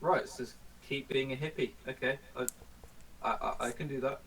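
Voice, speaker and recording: A man's voice: medium pitch, normal speed, fairly bright tone. A man playing a tabletop game, hesitant and joking with many fillers. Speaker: player. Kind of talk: casual tabletop game chat. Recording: distant mic with faint noise.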